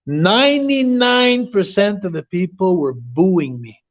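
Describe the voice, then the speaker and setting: Animated high-voiced man telling stories. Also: slow pace. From Quebec, Canada. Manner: animated storyteller, repeats and restarts words, laughs often. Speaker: interview guest, former wrestler. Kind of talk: casual storytelling interview. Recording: dull lo-fi audio.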